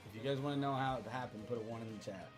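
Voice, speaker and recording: A man's voice: medium pitch, rapid-fire, music in the background. Profane rambling man telling a story. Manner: profane, rambling, repeats himself. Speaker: live-stream storyteller. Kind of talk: casual storytelling to a live chat.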